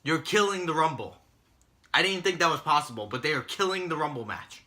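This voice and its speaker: A man's voice: on the high side, expressive, brisk, pushed and bright. A man co-hosting a casual talk show, ranting in an exasperated, mocking way and swearing often. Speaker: podcast co-host recapping wrestling. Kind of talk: casual profane rant.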